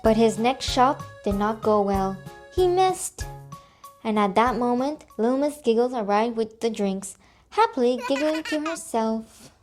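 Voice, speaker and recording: A woman's voice: fairly high pitch, animated, measured pace, faint music behind. A woman reading a children's story aloud in a cheerful way, stopping to ask young listeners questions.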